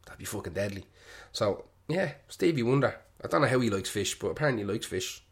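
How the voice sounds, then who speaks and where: A man's voice: medium pitch, lively intonation, fast talker, creaky. A young Irish man hosting a radio show, rambling casually, joking irreverently and swearing freely.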